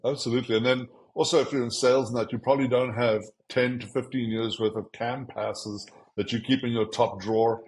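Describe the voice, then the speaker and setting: A man's voice: medium pitch, a little fast, few pauses, poor audio. A man, an agency founder, telling his career story in a casual interview, acting out quotes from other people. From South Africa. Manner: animated, quotes himself and others in dialogue.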